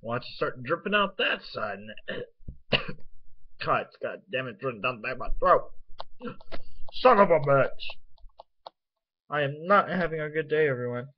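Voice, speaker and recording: A man's voice: mid-range voice, lively intonation, normal speed, lo-fi sound. A man talking casually to his viewers in a rambling vlog, swearing freely and losing his train of thought. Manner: rambling, profane, easily sidetracked. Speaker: vlogger.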